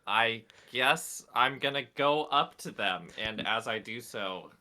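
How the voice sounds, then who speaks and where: A male tabletop player with a very bright, sharp-edged tone at a middle pitch. He explains his moves in a rambling, hesitant way. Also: expressive, slow. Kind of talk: casual tabletop play.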